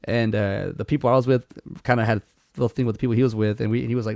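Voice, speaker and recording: Podcast co-host, male, brisk gravelly delivery, lively anecdotal storyteller, dry close sound. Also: mid-range voice, no echo. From Mexico. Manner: animated storyteller, acts out voices, laughs a lot. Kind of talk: casual chat, storytelling.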